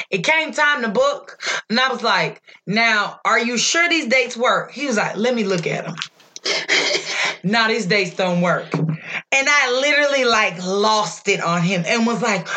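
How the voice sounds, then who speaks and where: A woman in candid casual conversation, blunt and profane, telling stories in an animated way. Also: mid-range voice, normal speed, a little hiss or hum.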